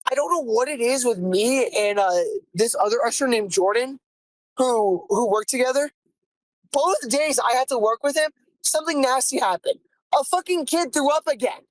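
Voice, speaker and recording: A young woman hosting a podcast, telling a comic story about her first job in an animated, exasperated way and swearing freely. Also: sits high, no echo, low-quality recording. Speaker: podcast host.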